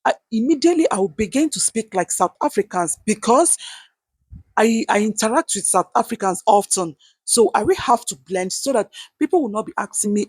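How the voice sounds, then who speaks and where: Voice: mid-range voice, animated, normal speed, husky, no room sound. A commentator from Nigeria, earnestly giving opinions on news in a vlog, often repeating points and asking viewers rhetorical questions. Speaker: online commentator.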